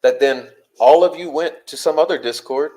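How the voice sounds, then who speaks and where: A man's voice: fairly high pitch, warm tone. Exasperated, profane male livestream host. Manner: exasperated, confrontational, heavy swearing; rapid-fire rhetorical questions. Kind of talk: unscripted livestream rant answering chat.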